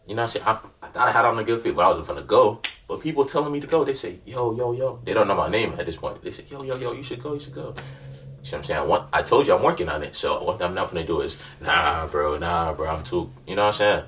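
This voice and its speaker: A man's voice: low voice, lively intonation, fast talker, a bit bright, far from the mic, a little hiss or hum. A young man casually telling a story in slang, constantly checking in with the listener. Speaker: vlogger.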